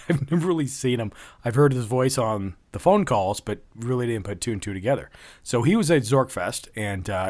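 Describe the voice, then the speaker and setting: A man's voice: medium pitch, dry recording. A man hosting a podcast, introducing calls and reacting with profane, laughing remarks. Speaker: podcast host. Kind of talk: casual chat.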